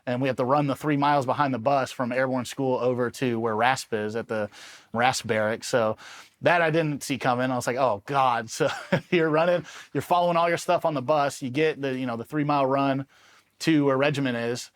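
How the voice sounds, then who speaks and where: A man from Los Angeles, a former Army Ranger, telling war stories in a casual, animated interview and swearing freely as he acts out the people he quotes. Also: medium pitch, brisk. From Los Angeles, USA. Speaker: Army Ranger veteran guest.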